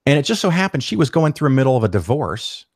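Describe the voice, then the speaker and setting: A man telling a story as a podcast guest, animated and profane, acting out the people he quotes. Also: medium pitch, fast talker, dry recording, clean studio sound. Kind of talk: casual storytelling interview.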